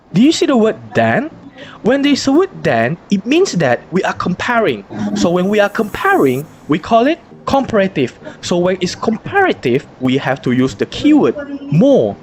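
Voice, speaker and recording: A woman teacher, explaining grammar in an online lesson, spelling out letters slowly and asking rhetorical questions. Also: fairly low pitch, darkish tone, slight background noise. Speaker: English teacher.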